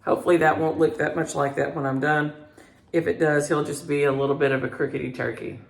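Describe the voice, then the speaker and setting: A woman's voice: sits low, steady tone, fast, vocal fry. A middle-aged woman in casual chat about her stitching at home, rambling from one thought to the next. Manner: rambling, chatty, talks to her cats between thoughts. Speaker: cross-stitch vlogger. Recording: echoey room.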